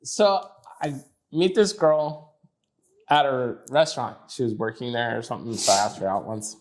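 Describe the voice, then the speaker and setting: A man's voice: medium pitch, normal speed. A man co-hosting a podcast, telling dating stories in casual chat. He swears and laughs through his own stories. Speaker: podcast co-host.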